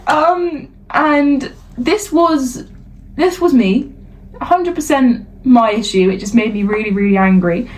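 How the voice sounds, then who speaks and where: A woman's voice: high voice, measured pace, poor audio. A young woman with a British accent, co-hosting a podcast in casual chat, ranting with lots of swearing and laughter. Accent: British English. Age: young adult. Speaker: podcast co-host.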